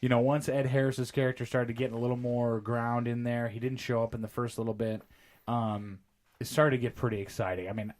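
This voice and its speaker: A man's voice: medium pitch, flat delivery, a little fast, a little mellow. A man hosting a casual podcast chat, calling on each guest in turn in a loose, chatty way. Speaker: podcast host.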